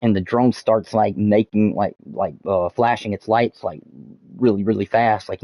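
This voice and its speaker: A man's voice: lowish voice, steady tone, unhurried, dry recording. A man streaming a game, telling a long story in a loose, rambling way, full of fillers and swearing. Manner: rambling, many fillers and restarts, swears often. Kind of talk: casual storytelling while gaming. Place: home streaming setup. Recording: dull dry lo-fi mic.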